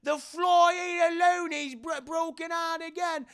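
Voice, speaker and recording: A man voicing a gruff, bossy male asylum orderly with a Cockney accent, shouting. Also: very high voice, level tone, unhurried, voice pushed up, full character voice. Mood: exasperated. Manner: shouting from a distance.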